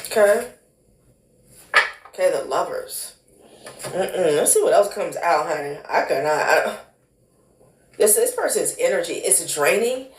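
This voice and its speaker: A woman's voice: fairly low pitch, very animated, a little slow, pauses often. A woman doing a casual tarot reading, blunt and profane, who calls the listener honey and child. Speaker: tarot card reader. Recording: echoey room.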